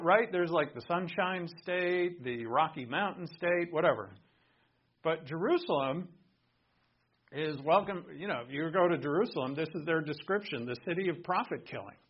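Man, pastor, sermon, husky voice, from rhode island, conversational and emphatic. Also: a little high, muffled recording. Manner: conversational, swings between soft and emphatic.

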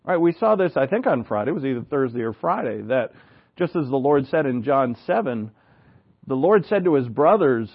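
A man's voice: medium pitch, big pitch swings, normal speed, husky. Pastor guy preaching, talks to the room like a chat, lots of "right?" questions, kinda dull lo-fi sound. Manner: earnest, conversational preaching with asides and rhetorical questions. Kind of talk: sermon.

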